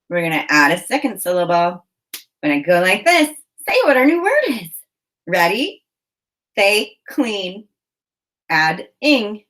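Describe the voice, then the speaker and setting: A woman teacher leading a children's phonics lesson, giving slow, deliberate prompts and then praising the answers. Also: lowish voice, a bit bright. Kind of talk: phonemic awareness lesson for children.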